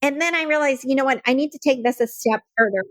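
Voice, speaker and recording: A woman's voice: sits high, fast, fairly bright tone, dry recording. A woman who founded a nonprofit, earnestly telling her own story in an interview and acting out her past conversations. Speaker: nonprofit founder, podcast guest.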